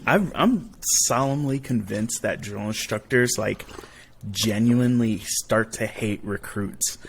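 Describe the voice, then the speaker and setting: A man's voice: on the low side, slow pace, gravelly, slight background noise. A man hosting a podcast, chatting casually and offering offhand opinions. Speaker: podcast host. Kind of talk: casual chat.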